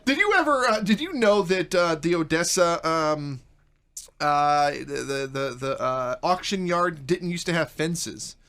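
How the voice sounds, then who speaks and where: A male talk show host with a voice pitched high for a man. He is energetic and joking, pokes fun at himself, and rattles off sponsor plugs and phone numbers in the way of a radio show. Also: unhurried. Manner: energetic, joking, self-mocking; reads ads and phone numbers.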